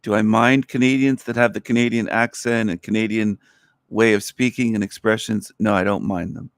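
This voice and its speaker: A man's voice: on the low side, steady tone, moderate pace, smooth, dry recording, clean studio sound. A middle-aged man hosting a livestream, talking in a blunt, crude, rambling and opinionated way. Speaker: livestream host. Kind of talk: casual rambling livestream monologue.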